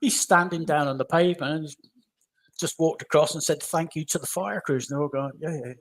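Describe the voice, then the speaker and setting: A man's voice: fairly high pitch, a little fast. A British man on a live stream panel, telling stories in a casual chat. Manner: tells stories with little acted quotes. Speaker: panel guest.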